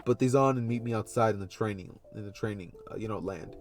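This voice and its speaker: A man's voice: fairly low pitch, fast talker, faint music behind, natural voice. Stern tired male teacher, played by a man, blunt, scolding.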